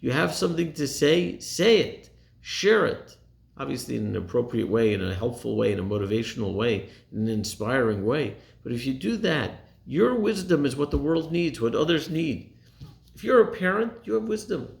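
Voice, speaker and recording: A man's voice: medium pitch, lively intonation, moderate pace, creaky, echoey room. A man in his forties, a rabbi, giving an earnest, emphatic motivational talk and repeating phrases for stress.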